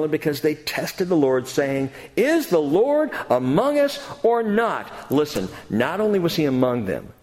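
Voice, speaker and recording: A man preaching a sermon as a pastor, animated, climbing to near-shouts and dropping to quiet asides. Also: mid-range voice. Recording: long hall reverb.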